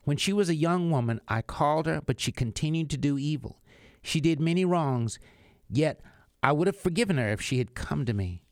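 A man reads the part of Jesus, a gentle and solemn grown man in a spoken story. The delivery is calm, measured and earnest, with a lively, moving pitch, in a dry, close sound. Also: dry recording. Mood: tender.

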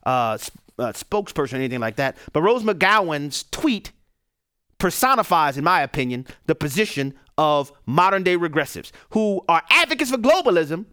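A man's voice: on the high side, sing-song, normal speed, sharp tone, clear, resonant tone, dry recording, studio quality. A man hosting a radio talk show, giving emphatic political commentary and firing off rhetorical questions. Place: radio studio.

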